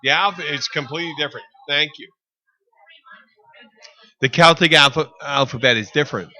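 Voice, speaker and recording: A man co-hosting a casual podcast, riffing and swearing in an animated way. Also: fairly high pitch. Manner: animated, swearing, quick to riff. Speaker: podcast co-host. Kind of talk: casual chat.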